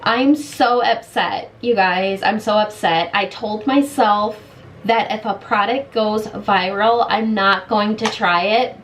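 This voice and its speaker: Exasperated woman in her late thirties, slow-talking. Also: mid-range voice, a bit bright, a little hiss or hum, rough recording. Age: late 30s. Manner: frustrated, exasperated, blunt. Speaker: beauty vlogger. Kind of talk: casual makeup review. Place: bedroom at home.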